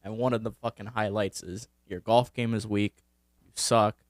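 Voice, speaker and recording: A man co-hosting a casual podcast chat, talking in quick bursts packed with "like" and "you know what I mean". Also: lowish voice, little pitch movement, no echo, studio quality. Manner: fast, filler-heavy, asks questions. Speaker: podcast co-host.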